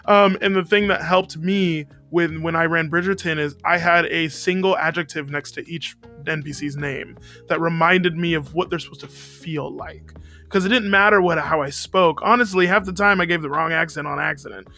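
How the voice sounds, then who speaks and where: A man's voice: on the high side, fairly even intonation, normal speed, sharp tone, faint music behind. A man co-hosting a casual chat, agreeable and self-deprecating, laughing easily as he shares game-running tips. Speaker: podcast co-host and game master.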